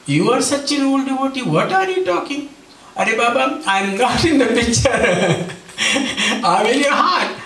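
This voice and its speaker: A man voicing an elderly male guru who gently scolds and teaches, in a raised and emphatic delivery. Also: very high voice, animated, measured pace, a little hiss or hum, voice pushed up, exaggerated voice. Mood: teasing. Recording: roomy hall, mic at a distance.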